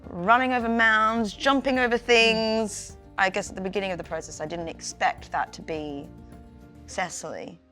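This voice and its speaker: A woman's voice: medium pitch, fairly even intonation, normal speed, sharp tone, faint music behind. A woman stage actor in a cast round-table chat, speaking in a thoughtful, reflective way.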